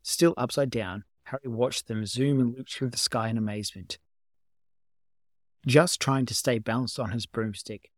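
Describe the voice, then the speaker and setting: A man reading a story aloud as an amateur narrator, calm and even. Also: mid-range voice, moderate pace, no echo, clean studio sound. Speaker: amateur reader. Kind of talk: audiobook narration of fan fiction.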